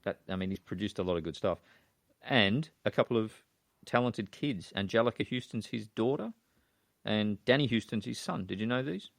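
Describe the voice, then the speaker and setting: A man with a notably deep voice chats casually about an old film. He hesitates and restarts often, and the recording is dry and close. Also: expressive, vocal fry, no room sound. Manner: hesitant, trailing off into pauses. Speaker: podcast co-host.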